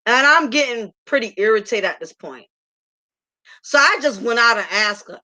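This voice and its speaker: A woman with a somewhat high voice hosts a live show, telling a story straight to her audience. She is brash and profane, with plenty of sass in how she talks. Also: animated, normal speed, sharp tone. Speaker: host.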